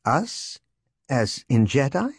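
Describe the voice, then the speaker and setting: A man voicing a sharp, pointed woman leader. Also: medium pitch, sing-song, vocal fry, breathy edge, no room sound, studio quality, pitched above the performer's own voice, full character voice. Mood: eager. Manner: venting, quick and pointed.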